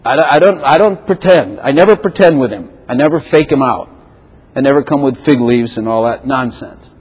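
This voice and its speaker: Animated husky older man preaching in a hall. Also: moderate pace. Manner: animated preaching, quoting scripture with sudden swings in pitch and volume. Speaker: pastor. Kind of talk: sermon.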